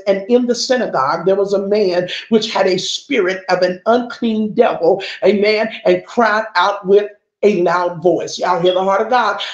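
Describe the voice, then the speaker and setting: A woman preaching a sermon, emphatic and calling out to the congregation, reading scripture slowly. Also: mid-range voice, a little mellow, echoey room, muffled recording. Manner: reads scripture slowly and deliberately.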